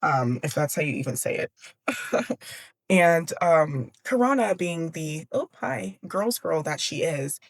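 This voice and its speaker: Woman, book vlogger, low voice, dry close sound, casual sarcastic slang. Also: expressive, takes it slowly, no echo. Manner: slangy, sarcastic, laughs often.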